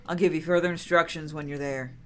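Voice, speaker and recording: Streamer lady doing a fed-up lady doctor barking orders, low bright voice. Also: fairly even intonation. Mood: brisk. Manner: brisk and tired, giving orders. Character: weary, curt woman doctor on an intercom.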